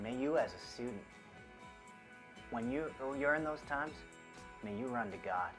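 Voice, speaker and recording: Earnest young dad preaching at home. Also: male voice, mid-range voice, big pitch swings, moderate pace, vocal fry, long pauses, music in the background. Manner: earnest, conversational, grows impassioned. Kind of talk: devotional talk to camera. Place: child's bedroom at home.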